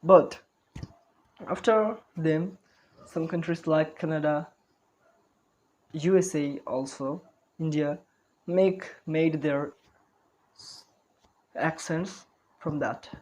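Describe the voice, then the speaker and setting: A man's voice: a little high, slow, pauses often, darkish tone, low-quality recording. A man giving an online spoken English lesson, talking carefully, repeating words and correcting himself as he goes.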